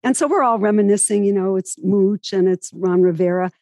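A woman interviewing a guest, chatting and telling stories in a lively way. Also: medium pitch, fairly quick, dry recording, clean studio sound. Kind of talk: casual interview.

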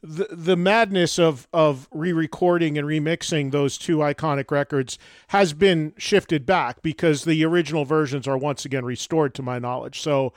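A male podcast host interviewing a guest and reacting quickly to the answers. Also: a little high, fairly even intonation, dry recording, clean studio sound. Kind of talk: interview conversation.

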